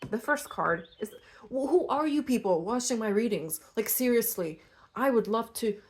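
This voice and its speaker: A young woman from Eastern Europe giving a casual pick-a-card tarot reading, chatty and animated and prone to tangents. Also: fairly high pitch, moderate pace, husky. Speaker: tarot reader.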